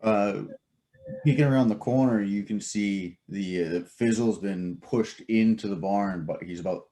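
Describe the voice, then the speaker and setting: Man, game master, casual tabletop narration, halting, very low voice. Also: mellow. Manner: casual, halting with many fillers.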